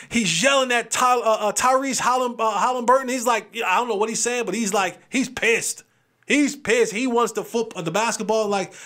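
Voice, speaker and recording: A man hosts a casual sports talk show, with a voice that sits fairly high for a man. He talks in an animated, chatty way and acts out what players said.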